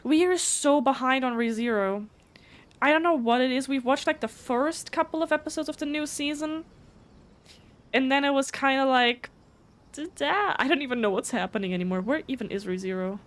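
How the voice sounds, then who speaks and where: A woman streamer whose first language is German, chatting casually with her viewers. Her voice sits a little higher than most, and she rushes her words, stumbling and restarting sentences as she goes. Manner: talks fast, stutters and restarts. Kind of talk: casual live-stream chat.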